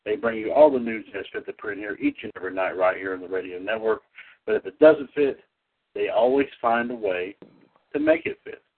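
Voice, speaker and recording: Man, radio host, folksy chatty delivery, gravelly, lively pitch, phone-line sound. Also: a little fast. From North Carolina area. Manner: folksy, chatty, coughs and clears throat, lively. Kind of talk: casual radio hosting and history segment. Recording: tinny phone-line audio.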